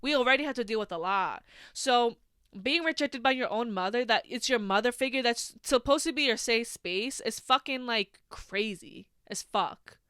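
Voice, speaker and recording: Casual twenties woman hosting her own podcast; slightly high, crisp voice, swears freely, leans on "like". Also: moderate pace, a bit bright, no room sound, studio quality. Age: 20s. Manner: frank and heavily profane, full of "like" fillers. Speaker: podcast host. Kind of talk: candid solo podcast monologue.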